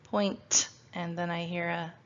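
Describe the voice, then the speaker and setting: Speaking slowly in a lower register with little pitch movement, a woman guides first graders through phonics spelling from home. She patiently sounds out letters and poses questions, captured on a dull, lo-fi recording.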